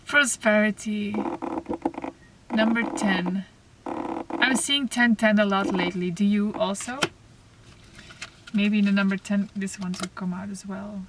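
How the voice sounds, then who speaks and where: A woman giving a spiritual oracle card reading to camera, talking softly and reflectively, with pauses and restarts. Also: mid-range voice, steady tone. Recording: slightly distant mic, faint noise.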